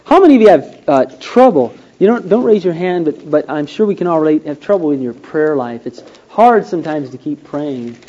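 Mellow-voiced man preaching a sermon. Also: on the high side, lively intonation, brisk, hardly any pauses. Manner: storytelling with acted-out quotes, rising and falling emphasis. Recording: dull lo-fi recording.

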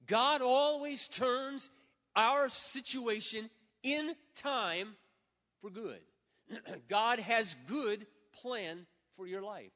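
A man in his fifties preaching a sermon as pastor, dramatic and swinging from loud to hushed, acting out quoted prayers. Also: high-pitched, lively intonation, a little slow. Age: 50s. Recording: dull sound with long hall reverb.

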